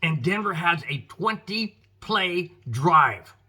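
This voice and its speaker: Emphatic, frustrated American football fan host. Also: male voice, high voice, expressive, takes it slowly, sharp tone, breathy edge. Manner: emphatic, frustrated, addresses viewers as guys. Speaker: sports podcast host. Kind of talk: opinionated football commentary.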